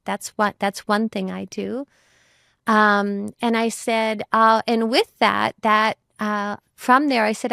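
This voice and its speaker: A woman's voice: mid-range voice, steady tone, slow, creaky, pushed and bright, dry recording, studio quality. A woman who is a mother, talking as a guest in a reflective conversation, thoughtful and full of "you know" and "like" fillers.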